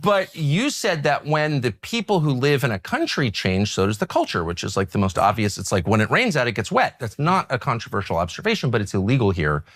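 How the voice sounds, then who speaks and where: A man's voice: medium pitch, very animated, fairly quick, few pauses, fairly bright tone. A man in an interview, arguing provocatively in a wry tone.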